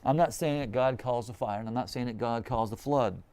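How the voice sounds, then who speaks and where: A male priest, reading the Gospel and preaching with emphatic, slowed-down stresses. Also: medium pitch, a little mellow.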